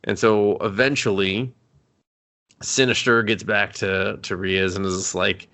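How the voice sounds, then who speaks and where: Gravelly laughing man reviewing movies. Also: lowish voice, measured pace, pushed and bright. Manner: laughing, profane, acts out characters in quotes. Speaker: podcast co-host. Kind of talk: casual movie review chat.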